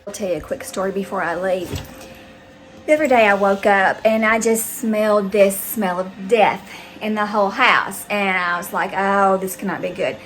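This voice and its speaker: A middle-aged woman from the Southern US with a Southern accent, chatting to viewers as she tells a story in her vlog, animated and talkative. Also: mid-range voice, moderate pace, soft background music, low-quality recording. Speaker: vlogger. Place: her house, indoors and out.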